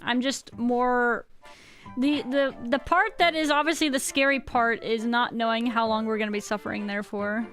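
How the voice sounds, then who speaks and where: A woman's voice: fairly high pitch, steady tone, normal speed, a bit bright, faint music behind. A woman in her thirties streaming a game, chatting casually and rambling as she answers her chat, with a slightly sick voice.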